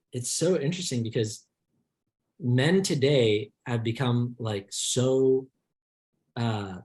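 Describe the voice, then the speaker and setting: A man hosting a podcast, telling an anecdote in casual chat, excitable and laughing often as he acts out the people in it. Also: mid-range voice, reverberant. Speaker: podcast host. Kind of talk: animated storytelling in casual chat.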